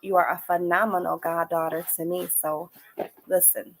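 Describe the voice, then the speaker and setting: A woman's voice: on the low side, level tone, moderate pace, low-quality recording. An older woman hosting a live stream, giving oracle card readings and talking straight to her viewers in an emphatic, repetitive, encouraging way. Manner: warm, emphatic, repeats phrases, talks straight to viewers. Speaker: podcast host reading oracle cards.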